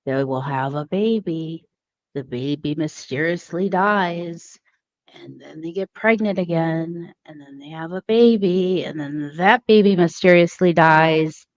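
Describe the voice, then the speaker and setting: A woman's voice: lowish voice, measured pace, dry recording. Chatty Minnesotan woman guesting on a call-in show; dull, faraway line. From Minnesota, USA. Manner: chatty, laughs often. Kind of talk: casual chat on a remote call. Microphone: remote call mic. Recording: dull distant call audio.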